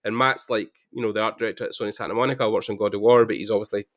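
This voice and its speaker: A man's voice: lowish voice, steady tone, rapid-fire. A Scottish man chatting casually on a podcast, rambling with lots of fillers. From Scotland. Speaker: 3D artist guest.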